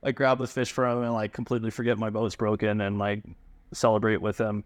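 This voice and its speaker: A man from Hawaii, a pro bass angler, telling fishing stories as a guest in a casual, animated way with lots of fillers. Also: a little fast, no echo. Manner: animated, full of fillers and restarts. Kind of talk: casual storytelling.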